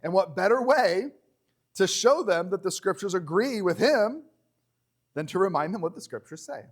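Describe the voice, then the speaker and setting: Animated, higher-voiced male preacher. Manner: animated and joking, slows down when reading scripture. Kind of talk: conversational sermon. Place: church.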